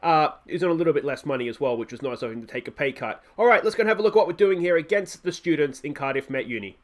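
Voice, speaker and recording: A man's voice: on the high side, lively intonation, racing. A young man with an Australian accent commentating his own football management game in a chatty, self-mocking way. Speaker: gaming YouTuber. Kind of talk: let's play commentary.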